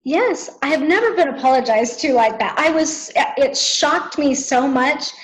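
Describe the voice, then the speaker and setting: A guest in her thirties talks heart-to-heart with her best friend, earnest and emotional, often groping for words. Her voice is high with lively intonation and a somewhat slow pace, and the recording quality is poor.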